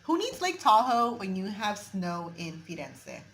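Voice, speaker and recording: A woman's voice: medium pitch, big pitch swings, unhurried, fairly bright tone. A young woman vlogger chatting casually and gushing, saying "like" a lot as she tells a story and tours historic buildings on a handheld camera. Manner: bubbly, gushing, says "like" a lot. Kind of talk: casual vlog chat and tour narration. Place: outdoors and in historic buildings while touring.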